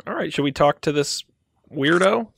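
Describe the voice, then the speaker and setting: A man's voice: a little high, animated, moderate pace, vocal fry, fairly bright tone, slightly rough, dry recording. A man playing in a tabletop game, chatting casually with dry, self-mocking remarks. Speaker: player.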